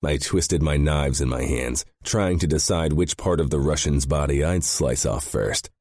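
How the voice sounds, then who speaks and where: Deep male narrator for a first-person audiobook, grim and intense, very dry close sound. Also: a little slow, a little mellow, dry recording.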